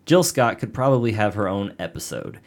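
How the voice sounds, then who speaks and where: Male podcast co-host, lower voice, casual storyteller with wry asides. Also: expressive, a little fast. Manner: casual, joking asides while reading a story. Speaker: podcast co-host narrating a case. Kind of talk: casual podcast chat with read narration.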